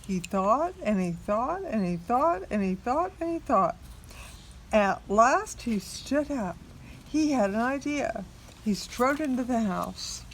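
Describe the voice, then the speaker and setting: A woman reading a picture book aloud to a small child, expressive and coaxing the child to join in. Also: fairly high pitch, slow, a little hiss or hum.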